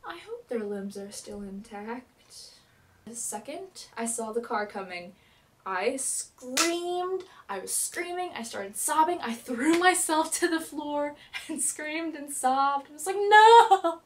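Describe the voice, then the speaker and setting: Young woman gushing over a tv episode, high voice, sits a bit back from the mic. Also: animated, slow, far from the mic. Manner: gushing, breathless and dramatic, with laughs and swings in loudness. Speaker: fan vlogger. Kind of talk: excited TV episode recap.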